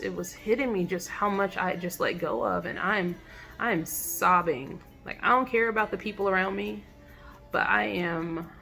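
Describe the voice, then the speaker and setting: A woman telling a personal story in a reflective, halting way, with many fillers and restarts. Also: medium pitch, gravelly, fairly bright tone. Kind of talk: personal testimonial monologue.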